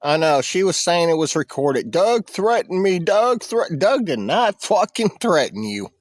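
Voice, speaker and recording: A man's voice: on the high side, sing-song, unhurried, dry recording. A man ranting on his livestream in a heated, profane, defensive way. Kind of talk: casual livestream rant.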